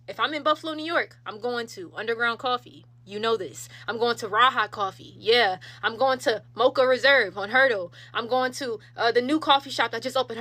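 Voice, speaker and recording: A woman giving a blunt, profane, fast-talking commentary straight to her followers. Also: sits high, bright, forceful tone. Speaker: social media commentator. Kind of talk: casual direct-to-camera rant. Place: local to Buffalo, New York.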